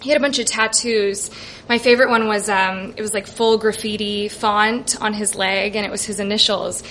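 A woman's voice: mid-range voice, fairly even intonation, normal speed, a bit bright, a little hiss or hum. A woman around thirty telling a wry, self-deprecating personal story on stage. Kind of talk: live comic personal storytelling. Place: coffee shop stage.

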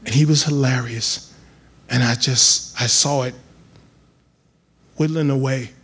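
A man telling a comic personal story live on stage, building to loud excited outbursts. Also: mid-range voice, measured pace, breathy edge. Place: live venue with audience.

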